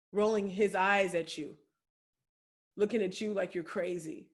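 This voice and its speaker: A woman's voice: mid-range voice, fairly even intonation, unhurried, long pauses. A woman giving an impassioned, preacher-like keynote speech, repeating phrases for emphasis, tearful at times. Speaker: keynote speaker. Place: home, remote video address.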